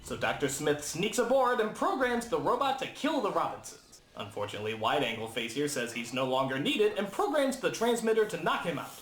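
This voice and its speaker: A man's voice: a little high, big pitch swings, a little fast, hardly any pauses, background noise. A man narrating a sarcastic comedic film review, mocking and exclamatory. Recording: echoey, music under the voice. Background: music.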